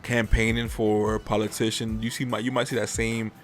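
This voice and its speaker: A man's voice: fairly low pitch, flat delivery, fairly quick, soft background music. A man hosting a podcast in casual chat, rambling and swearing freely as he airs his opinions. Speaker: podcast host.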